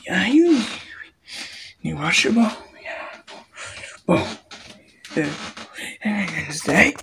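A woman voicing every character of a homemade cartoon, excitable and broken in her phrasing, jumping between squeaky highs and gruff lows. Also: takes it slowly, a little hiss or hum. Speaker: fan animator voicing all characters.

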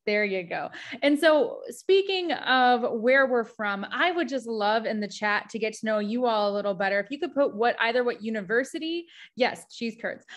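A young woman from Wisconsin presents to an online audience over a video call. Her voice sits a little high, and she talks in a loose, friendly way with frequent ums and uhs. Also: a bit bright. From Wisconsin, USA. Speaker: guest presenter. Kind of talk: casual webinar presentation.

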